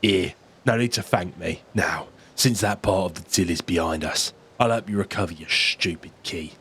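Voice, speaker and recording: Brief: crude menacing wolfman heavy, read by a man, slow gravelly threats, husky low tone. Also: a bit bright, full character voice.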